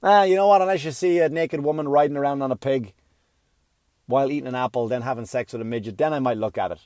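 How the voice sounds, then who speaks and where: A middle-aged man doing a stand-up comedy routine, profane and ranting, swinging from muttering to yelling. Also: mid-range voice, fast talker, no room sound.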